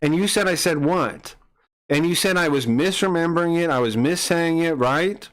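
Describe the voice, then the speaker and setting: A man's voice: fairly high pitch, normal speed, fairly bright tone. A man streaming live, ranting angrily and profanely as he accuses a chatter of lying. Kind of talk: heated live-stream argument with chat.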